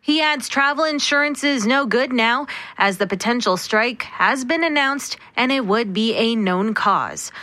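A woman newscaster reading the midday news bulletin in a crisp, even way. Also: fairly high pitch, a little slow, dry recording. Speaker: radio newscaster. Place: radio studio.

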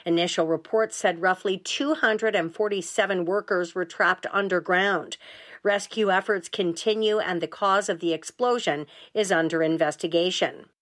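A woman news anchor reading a radio newscast in a measured, even delivery. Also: fairly low pitch.

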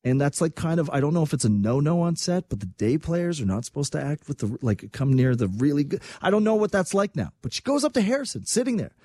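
A man hosting a casual talk radio show, telling stories in an animated, emphatic way. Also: a little high, fast, hardly any pauses, dry recording.

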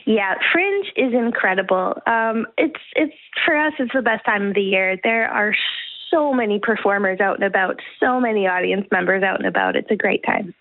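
A woman's voice: mid-range voice, normal speed, no echo. An upbeat woman chats as a guest on a live radio interview. Her voice comes through a narrow, tinny, phone-like line. The sound is dry and close, with no room around it. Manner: upbeat, friendly. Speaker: guest performer.

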